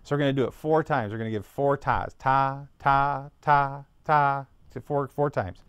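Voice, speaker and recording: A man's voice: medium pitch, moderate pace, smooth, no room sound, highs cut off. A man teaching a beginner trumpet lesson, patiently walking through each step and sounding out practice syllables.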